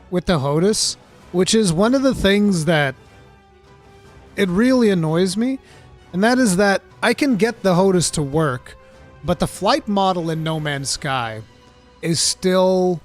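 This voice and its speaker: A man hosts a live gaming stream, chatting casually and answering viewers in an excitable, rambling manner. His voice sits a bit higher than most men's, and faint music plays underneath. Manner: animated, excitable, rambling with restarts. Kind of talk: casual gaming talk, reading chat.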